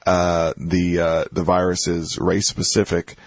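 A man's voice: low-pitched, monotone, unhurried, no room sound. A man hosting a talk radio show, rambling casually and restarting his sentences as he chats with his co-host. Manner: rambling, repeats phone numbers and restarts.

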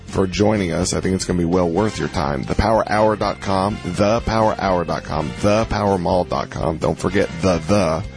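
A man's voice: deep voice, normal speed, vocal fry, hardly any pauses, over music. A man hosting a talk radio show, rambling casually and restarting his sentences as he chats with his co-host. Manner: rambling, repeats phone numbers and restarts.

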